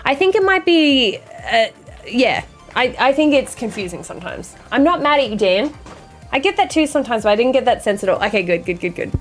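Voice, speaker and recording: A young woman streamer with a fairly high voice chats from her home setup over a desk mic, faint music playing behind her. Her humor is bone-dry and sarcastic, and she trades sassy banter with her chat. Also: very animated, fairly quick. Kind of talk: casual chat with viewers, reading chat aloud.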